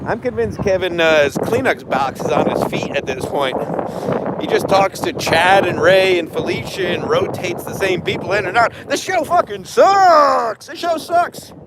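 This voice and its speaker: A man's voice: sits high, moderate pace. A man hosting a walking livestream. He talks brashly, rants and boasts. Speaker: livestream host. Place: outdoors around a stadium. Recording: noisy outdoor street sound.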